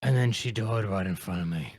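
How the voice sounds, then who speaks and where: A man voicing a weary male adventurer who drinks to dull his grief, halting and stammering. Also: fairly low pitch, a little mellow, breathy edge, dry recording. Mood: grieving.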